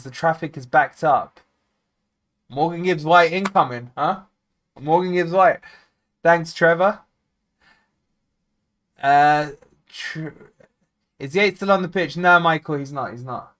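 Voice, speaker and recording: A man hosting a live football watchalong, talking casually and bluntly to his viewers and swinging between grumbling and loud cheering. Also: on the high side, takes it slowly, long pauses. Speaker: football fan channel host. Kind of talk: live match watchalong commentary.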